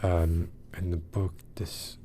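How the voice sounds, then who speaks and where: A man with a fairly low voice hosts a live podcast. He talks in a loose, meandering way, full of ums and restarts, and breaks off to greet viewers in the chat before reading aloud. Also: level tone, slow pace, dark tone, slight background noise. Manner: rambling, many fillers, greets live chat. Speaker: podcast host. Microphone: wears in-ear monitors.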